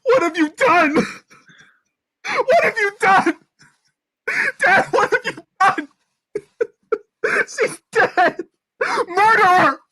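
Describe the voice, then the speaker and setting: A grieving young son played by a woman bursts out in raw, sobbing cries. The voice sits very high and bright. He speaks in slow, heavy phrases. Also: expressive, full character voice. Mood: grief-stricken. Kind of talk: stage reading of a play.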